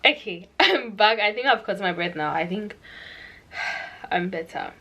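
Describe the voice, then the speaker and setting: A woman's voice: medium pitch, animated, a little slow, bright, forceful tone. A young woman chatting to her camera at home in a casual vlog, giggly and self-mocking. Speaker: vlogger. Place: at home indoors.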